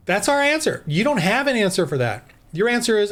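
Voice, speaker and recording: Heated, rambling American man, higher voice. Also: big pitch swings, fairly quick, a bit bright. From United States. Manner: rambling, heated, preachy, many restarts. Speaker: Christian YouTube commentator. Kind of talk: reaction commentary monologue.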